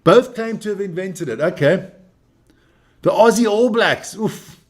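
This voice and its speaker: Guy streaming a rugby game live, kinda high voice, swears a lot, jokey trash talk to chat. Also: animated, measured pace. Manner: brash, profane, joking banter; chatty, talks to viewers and people nearby. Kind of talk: live watch-along rugby commentary.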